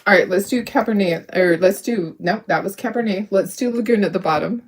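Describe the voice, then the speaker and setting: A woman's voice: mid-range voice, normal speed, pauses often. A woman hosting a live crafting demo, talking herself through each step, upbeat and self-deprecating, laughing often. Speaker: craft livestream host.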